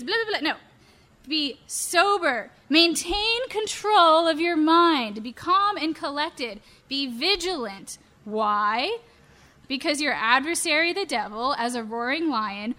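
A young woman preaching to a youth group, animated and playful, acting out examples. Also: sits high. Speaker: youth pastor.

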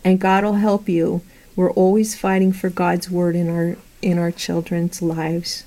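Earnest woman preaching, warm dark tone. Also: lowish voice, unhurried, poor audio. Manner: earnest, conversational preaching with lively anecdotes. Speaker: Bible teacher. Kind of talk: sermon to a women's group. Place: meeting room.

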